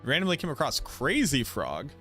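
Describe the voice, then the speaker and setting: Goofy, wildly animated male game streamer. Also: mid-range voice, moderate pace. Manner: goofy, mock-grandiose, breaks into silly singing. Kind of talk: casual gameplay commentary. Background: game music.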